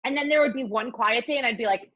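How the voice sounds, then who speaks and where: A woman guest on a coaching interview, telling her story with lively, swearing candor and acting out her panicked thoughts. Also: fairly high pitch, fast talker, dull audio. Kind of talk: candid podcast interview.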